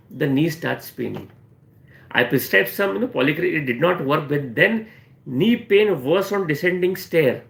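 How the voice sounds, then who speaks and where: An Indian homeopathy doctor teaches about remedies in a live-stream Q&A, speaking Indian English in a slightly high, gravelly voice. He leans on "you know" as a filler and repeats his key points twice. The room sounds bare and echoey.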